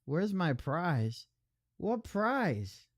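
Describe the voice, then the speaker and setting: A man hosting an online radio stream in casual chat, rambling along and reading out chat messages with shout-outs. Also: high-pitched, big pitch swings, drawn-out words, dry recording, clean studio sound.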